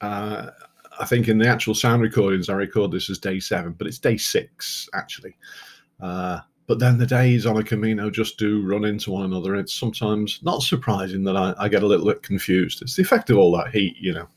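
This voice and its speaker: A British man with a lowish voice, from Britain and speaking British English, hosts a podcast while walking the Camino, casually narrating the pilgrimage. He talks a little fast, chatty and self-deprecating, often restarting his sentences.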